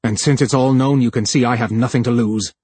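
A male narrator voicing a grim, desperate man who speaks low and gruff through clenched teeth. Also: fairly even intonation, a little fast, darkish tone, dry recording, natural voice.

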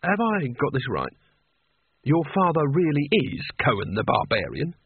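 A man voicing a timid, hapless wizard who talks in a hesitant, stammering way, with a husky voice. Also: mid-range voice, wildly swooping pitch, normal speed, heavily acted. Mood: nervous. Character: timid, hapless male wizard, nervous and flustered. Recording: tinny phone-like sound.

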